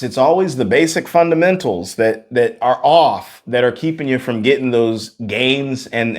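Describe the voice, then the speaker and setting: A man teaching a singing lesson as a vocal coach, out of breath and talking with energetic, repeated emphasis. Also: medium pitch. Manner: energetic, repetitive emphasis, laughs between points.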